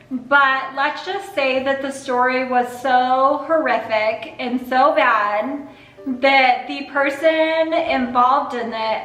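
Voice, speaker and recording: In a casual vlog, a woman in her thirties who is a foster and adoptive mother answers viewer questions, speaking earnestly and openly about fostering and sometimes holding back tears. Her voice sits high with a sharp tone, and the recording is rough and reverberant.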